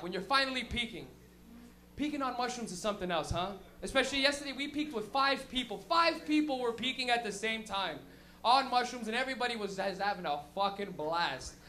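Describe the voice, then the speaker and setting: Full of slang and crude humor, a young man's loose, animated storytelling fills a comedy club stage, his voice very high and bright.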